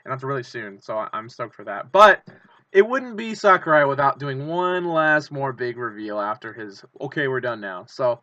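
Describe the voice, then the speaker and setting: A man's voice: mid-range voice, sing-song, moderate pace, bright, forceful tone, dry recording, highs cut off. A man hosting his own channel, rambling with enthusiasm in fan commentary full of fillers and restarts. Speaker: channel host.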